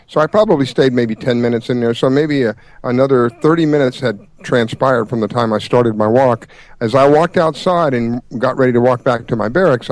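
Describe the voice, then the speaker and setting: A man hosting a casual chat, telling a story with many hesitations and restarts. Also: medium pitch.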